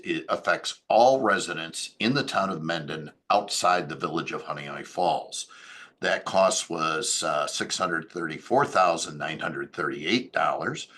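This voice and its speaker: A man giving a local government update as town supervisor, talking in a halting way with many fillers and self-corrections. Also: deep voice, fairly bright tone.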